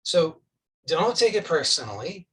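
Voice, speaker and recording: A man's voice: on the high side, big pitch swings, unhurried, distant mic, rough recording. A man giving a spoken spiritual teaching, earnest and insistent, repeating points for emphasis.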